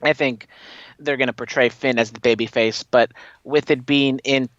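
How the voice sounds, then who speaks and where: A man's voice: mid-range voice, fairly even intonation, moderate pace, fairly bright tone, no echo, lo-fi sound. A man co-hosting a casual wrestling podcast, talking in long, opinionated runs full of "you know". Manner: rambling, opinionated, many you-knows. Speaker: podcast co-host.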